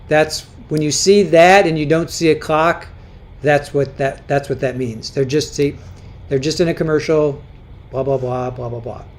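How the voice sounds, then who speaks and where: Her voice is low-pitched and a little mellow. Hosting a relaxed livestream, she reads viewer comments aloud and chats along, with plenty of repetitions and restarts.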